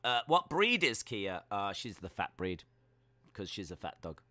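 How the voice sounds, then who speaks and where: A man's voice: lowish voice, very animated, measured pace, bright, forceful tone, dry recording. A young man hosting a casual watch-along stream, reading chat messages aloud with playful, teasing, self-mocking banter.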